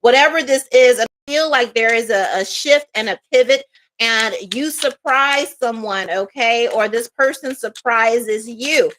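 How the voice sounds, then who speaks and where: A woman's voice: on the high side, unhurried, a bit bright. A woman giving a casual tarot reading, talking in a loose, chatty storytelling way with many fillers and asides. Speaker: tarot reader.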